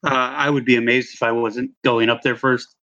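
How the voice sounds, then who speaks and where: A man's voice: mid-range voice, flat delivery, normal speed, bright, forceful tone, muffled recording. A man playing in a tabletop game, talking eagerly and rambling with lots of "like". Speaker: player. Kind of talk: casual tabletop role-play.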